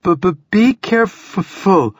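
A freezing young woman, as a male narrator puts her on, high and strained, stammering on every other word through chattering teeth, slow and halting, like an audiobook reader leaning into the cold; the sound is close and dry, with a husky edge. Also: animated, dry recording, exaggerated voice. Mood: shivering, stammering.

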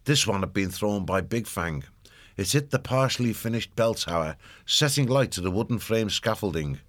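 A man giving steady scripted narration of a story. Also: on the low side, normal speed, no echo.

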